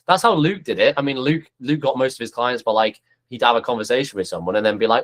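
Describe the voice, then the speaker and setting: A man's voice: mid-range voice, very fast, hardly any pauses. A tired young man co-hosting a casual podcast, rambling with lots of "like" and acted-out quotes. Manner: rambling, animated, full of fillers and acted-out quotes. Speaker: podcast co-host, posing coach.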